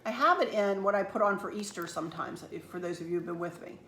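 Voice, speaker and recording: A woman's voice: medium pitch, fast, a bit bright, slight background noise. A middle-aged woman, talking casually and rambling to her viewers at home. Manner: chatty, rambling, addresses viewers as y'all. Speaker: vlogger. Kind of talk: casual chat.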